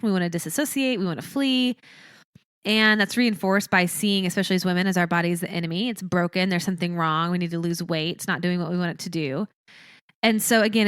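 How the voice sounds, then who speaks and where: A woman's voice: medium pitch, fairly bright tone, clear, resonant tone, dry recording, studio quality. A woman hosting a podcast alone, talking earnestly in a teaching way and repeating phrases for emphasis. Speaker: podcast host. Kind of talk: reflective solo podcast talk.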